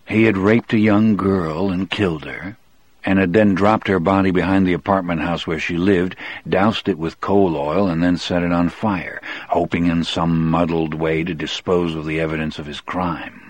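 A man narrating a novel in the first person as an audiobook, in a measured, deliberate way. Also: low voice, fairly even intonation, no room sound.

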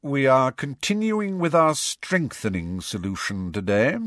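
A man voicing a cold, sneering male teacher with a low, drawling voice. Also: sing-song, unhurried, a bit bright, no room sound, studio quality.

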